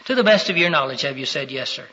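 A middle-aged man preaching a sermon, questioning his listeners and rising to loud, emphatic peaks. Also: a little high, expressive, fast talker, husky. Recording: dull lo-fi sound.

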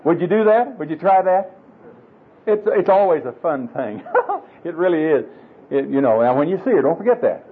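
Older male preacher, husky, humorous and folksy; thin phone-like recording. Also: on the high side, big pitch swings, moderate pace. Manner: folksy, humorous, coaxing the audience. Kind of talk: sermon to married men. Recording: tinny lo-fi phone-like sound.

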